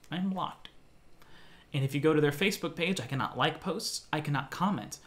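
A man's voice: fairly high pitch, brisk, slight background noise. A young man vlogging a frustrated account of a dispute with a company, reading out the messages he traded with them. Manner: frustrated, reads out messages in a flat quoting tone. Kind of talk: ranting account of a customer dispute.

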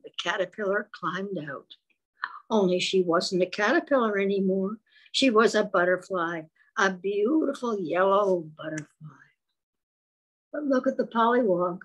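Husky woman reading a picture book aloud. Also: mid-range voice, poor audio. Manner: expressive, pauses to ask little listeners questions. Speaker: storyteller for children.

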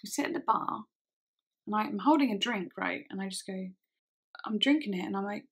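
A woman in her twenties telling a personal story on her channel, halting, with many fillers and restarts. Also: mid-range voice, vocal fry, husky. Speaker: vlogger. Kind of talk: casual storytelling.

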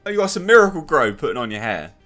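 A man's voice: on the high side, big pitch swings, fast talker, sharp tone, soft background music. A man giving a blunt, sarcastic, rambling spoken review of a TV episode. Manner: blunt, sarcastic, filler-heavy rant.

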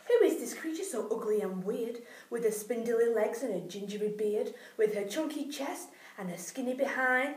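A woman, a primary school teacher reading a rhyming picture book aloud to young children in an expressive, sing-song way. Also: on the high side, moderate pace. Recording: echoey room, voice far from mic.

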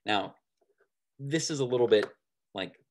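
A man lecturing on theater in a conversational way, often checking in with "right?" and pausing on fillers. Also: medium pitch, animated, a little mellow.

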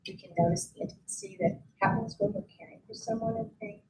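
A woman teaching a mindfulness practice at a conference, guiding listeners calmly and gently with frequent pauses. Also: fairly high pitch, low-quality recording. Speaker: mindfulness instructor. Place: conference room.

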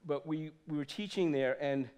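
Pastor, 50s, man with a higher voice; lively sermon delivery that drops into soft asides. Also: moderate pace. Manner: animated, swings from loud exclamations to soft asides. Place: church sanctuary.

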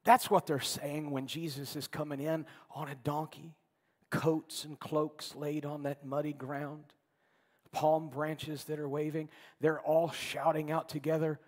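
A man preaching a fervent sermon as pastor in a church, swinging between loud calls and hushed, quiet lines. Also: on the high side, level tone, unhurried, big-room sound. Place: church sanctuary.

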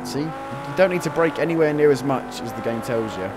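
A man's voice: mid-range voice, a little fast. Chatty young man over roaring race engines. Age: 20s. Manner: chatty and reactive, breaking into excited exclamations. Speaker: gamer playing a racing game demo. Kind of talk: casual gameplay commentary. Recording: loud racing game engine noise under the voice. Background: racing car engines from the game.

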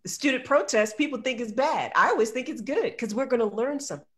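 A woman's voice: on the high side, expressive, fast talker. A woman speaking as a guest on a webinar, telling stories emphatically over a video call. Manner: emphatic, storytelling with asides. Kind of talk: webinar talk. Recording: video call audio, drops out.

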